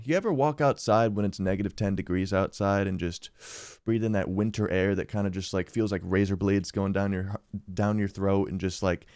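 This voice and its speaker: A man's voice: fairly low pitch, clear, resonant tone, dry recording, clean studio sound. A young man telling a funny story in a casual vlog, full of "dude" and "bro". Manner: slangy, lots of "dude" and "bro", animated retelling.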